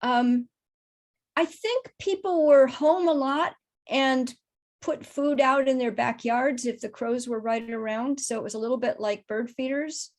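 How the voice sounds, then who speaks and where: A middle-aged woman, a guest speaker who studies crows, unhurriedly answers the audience's questions by video call once her talk ends. Her high-pitched voice is a little mellow, and her replies are thoughtful and explanatory, careful not to oversimplify.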